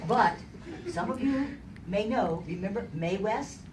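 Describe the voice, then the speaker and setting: A woman's voice: medium pitch, animated, a little slow. An older woman giving her retirement farewell speech, joking and chuckling as she tells stories to an audience. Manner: warm, joking, chuckling storyteller. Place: large hall at a retirement celebration. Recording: echoey hall from far off, crowd noise. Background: audience chatter and laughter.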